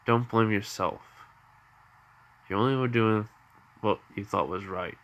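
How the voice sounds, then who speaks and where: A man voicing a calm, weary young male ninja with a quiet, low-key delivery. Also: unhurried, dull audio, a little hiss or hum. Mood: subdued.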